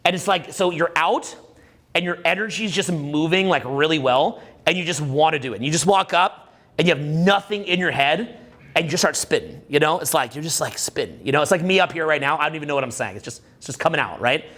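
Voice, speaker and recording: This forties-aged dating coach speaks quickly, his pitch a touch high, as he addresses a seminar crowd from the stage. His delivery is lively, conversational, and full of swearing, with repeated "right?" check-ins.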